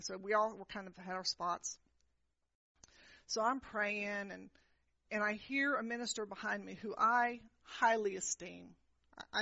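A woman minister preaching a sermon, telling personal stories in an animated way and often asking the crowd "right?". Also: medium pitch, gravelly, no room sound. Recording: dull lo-fi, dry sound.

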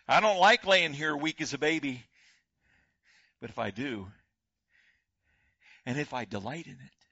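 An older man preaching a sermon as pastor, swinging from loud exclamations to hushed prayer. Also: on the high side, no room sound, muffled recording.

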